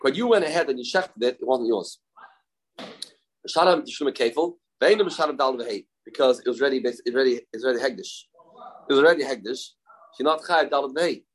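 A man's voice: medium pitch, brisk, poor audio. A man with a Yeshivish accent teaching a daily Talmud lesson, repeating key phrases and asking and answering his own questions. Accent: Yeshivish English.

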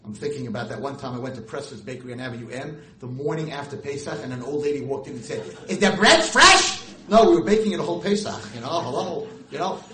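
A middle-aged man, a rabbi and teacher telling stories in a lecture, animated and jumping high and loud when acting out scenes. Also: quick pace, few pauses. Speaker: rabbi and girls' school teacher. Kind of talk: storytelling lecture to an audience. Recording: roomy hall with faint noise.

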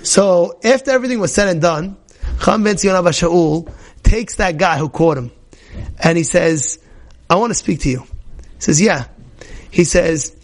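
Male teacher, high and bright pitch, loose storytelling Torah class, keeps checking in with the room. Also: expressive, normal speed, pauses often. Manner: chatty, asks the audience questions, repeats phrases, acts out shouting characters.

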